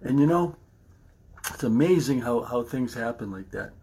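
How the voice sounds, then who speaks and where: A man's voice: medium pitch, lively intonation, normal speed, vocal fry, dark tone, slightly rough. A middle-aged man hosting his podcast in a casual, rambling monologue, chatty and laughing often as he restarts his sentences. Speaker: podcast host.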